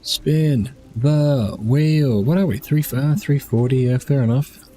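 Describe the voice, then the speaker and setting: A man's voice: mid-range voice, slow pace, dark tone, faint music behind. A tired man streaming a game, rambling casually as he plays and muses over chat questions. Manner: rambling, musing aloud, answering chat questions. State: tired, yawning.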